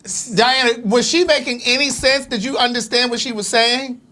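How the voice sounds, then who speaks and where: A podcast co-host in casual comedic chat, blunt and quick to laugh. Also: mid-range voice. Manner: animated, laughing, blunt and profane.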